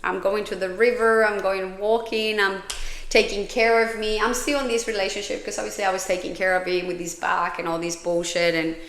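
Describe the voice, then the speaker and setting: A woman's voice: medium pitch, level tone, a little fast, a bit bright, slight background noise. A woman hosting a personal storytelling podcast, talking candidly in a rambling way with lots of fillers and swearing. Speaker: podcast host. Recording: roomy echo.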